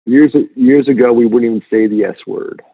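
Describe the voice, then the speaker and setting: A man with a slightly husky voice talks earnestly as an interview guest, repeating key points for emphasis. His voice comes through a thin, phone-like line. The sound is close and dry. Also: mid-range voice, moderate pace, no room sound. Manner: earnest, animated storyteller, emphatic repetition. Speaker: guest speaker. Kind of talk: conversational interview.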